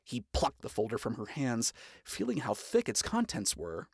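Storyteller reading fanfic out loud, really animated, dry close sound. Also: mid-range voice, normal speed, creaky, husky, dry recording. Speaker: narrator. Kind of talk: audiobook fan fiction reading.

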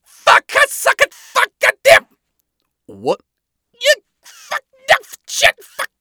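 A man's voice: a little slow, dry recording, clean studio sound, exaggerated voice. A man voicing a flamboyant male spider demon who is battered but showy, in a sassy, theatrical, raised voice for a storybook reading. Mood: frantic screaming. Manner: sassy, theatrical, high and loud.

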